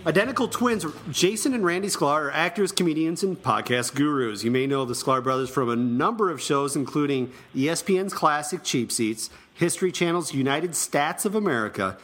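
A man's voice: fairly high pitch, animated, brisk, few pauses, a bit bright. A man co-hosting a podcast, reading a guest introduction and chatting casually with frequent laughs. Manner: reads introductions, laughs often. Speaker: podcast co-host.

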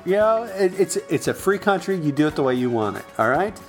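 A man's voice: a little fast, soft background music. A man co-hosting a casual sports podcast, playful and teasing, with a lot of movement in his voice. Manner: playful, teasing, lively swings in pitch. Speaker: podcast co-host.

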